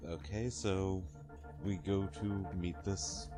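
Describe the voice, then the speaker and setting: A man's voice: deep voice, fairly even intonation, slow pace, over music. A man playing a tabletop game, speaking politely and formally as his character. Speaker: player.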